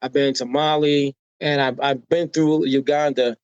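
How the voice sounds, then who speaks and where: A man's voice: medium pitch, unhurried, smooth, no echo. American man telling a story, dry and dull-toned. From United States. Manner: animated storyteller who acts out quoted voices and often adds "right?". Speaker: podcast guest. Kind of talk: personal storytelling in a podcast interview.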